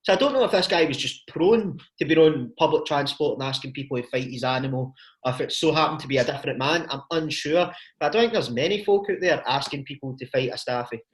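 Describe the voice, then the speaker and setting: Scottish guy on a podcast, bit high voice, acts out the stories, echoey room. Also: quick pace, few pauses. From Scotland. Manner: animated storyteller, acts out quotes. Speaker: podcast co-host. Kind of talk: casual chat.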